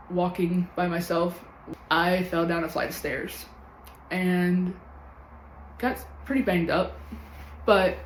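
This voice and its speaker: A woman in her thirties telling her own story to camera in an earnest, candid way, with many pauses. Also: on the low side. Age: 30s. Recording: roomy echo with faint background hum.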